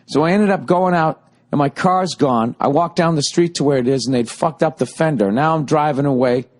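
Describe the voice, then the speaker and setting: A man hosting a solo podcast, rambling through a profane, comic monologue that swings from loud outbursts to low muttering. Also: a little fast. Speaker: podcast host.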